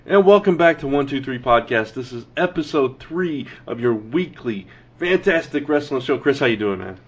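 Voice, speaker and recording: A young man from Texas co-hosting a wrestling podcast, chatting casually with a relaxed, easy laugh. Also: medium pitch, normal speed, highs cut off, a little hiss or hum. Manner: relaxed, laughs easily, hedging restarts. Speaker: podcast co-host.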